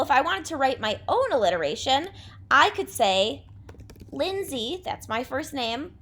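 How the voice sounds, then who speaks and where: High-voiced woman teaching a class. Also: fairly bright tone. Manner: clear, patient, encouraging teacher delivery. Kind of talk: remote class lesson.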